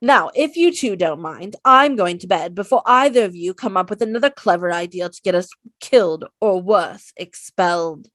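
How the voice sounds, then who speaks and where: A woman's voice: lowish voice, normal speed, few pauses, a bit bright, dry recording, close to an everyday voice. A woman voicing a clever young schoolgirl primly scolding her two friends. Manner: prim, scolding.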